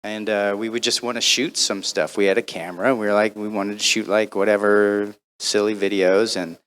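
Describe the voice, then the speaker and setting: A man answering audience questions on a convention panel, chatty and animated, acting out the voices in his stories. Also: lowish voice, brisk, clean tone. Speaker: voice actor guest on a convention panel.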